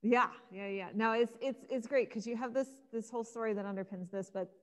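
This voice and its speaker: A woman Egyptologist giving a casual spoken talk, retelling myths with lively acted-out dialogue for the gods. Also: fairly high pitch, fairly quick, long reverb tail. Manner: lively storyteller acting out the gods' lines. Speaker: Egyptologist guest speaker.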